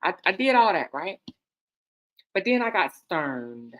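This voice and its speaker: A woman's voice: fairly low pitch, sing-song, a little slow, dull audio. Candid, emphatic woman telling a story. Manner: candid, emphatic, swings between hushed and loud. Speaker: host. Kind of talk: casual storytelling chat.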